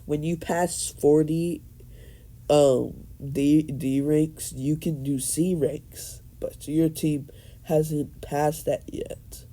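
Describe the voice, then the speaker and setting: A man's voice: on the high side, steady tone, extremely slow, mellow, rough recording. A man voicing an old village leader patiently explaining, with many fillers, in a fan story.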